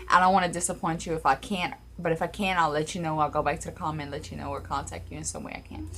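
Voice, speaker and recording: This young Louisiana woman vlogs a paranormal story on her phone camera, rambling with many fillers. Her low voice is flat, fast and a bit bright with few pauses, and a little hiss or hum sits in the background.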